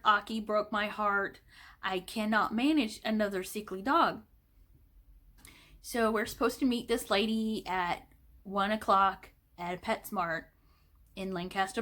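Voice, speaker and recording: A woman vlogger telling a personal story in a slow, emotional, rambling way, with many fillers and restarts. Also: mid-range voice, fairly bright tone.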